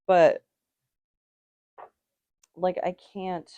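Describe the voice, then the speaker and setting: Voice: mid-range voice, dark tone, dry recording, lo-fi sound. A tarot reader giving a casual, rambling reading, with strong opinions and lots of "like" fillers.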